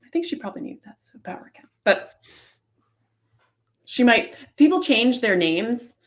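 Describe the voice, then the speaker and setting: A woman's voice: fairly high pitch, very animated, normal speed. A woman co-hosting casual live commentary on an online cycling race, chatty and explaining tactics with plenty of fillers.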